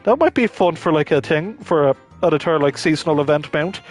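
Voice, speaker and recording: A man's voice: on the high side, brisk, hardly any pauses, soft background music. A man streaming a game, chatting loosely about it with lots of fillers. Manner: rambling, filler-heavy chat. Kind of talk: casual gameplay commentary.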